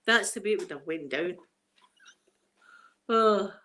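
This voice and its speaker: Middle-aged Scottish woman, rambling storyteller, casual live chat host, mid-pitched, easy laughter. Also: slow, pauses often, bright, forceful tone. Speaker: livestream host.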